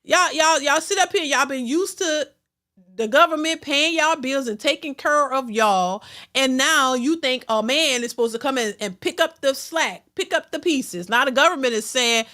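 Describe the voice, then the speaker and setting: A woman's voice: sits high, moderate pace, bright, forceful tone. A woman hosting a reaction channel, ranting bluntly and emphatically, repeating her points. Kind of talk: ranting commentary.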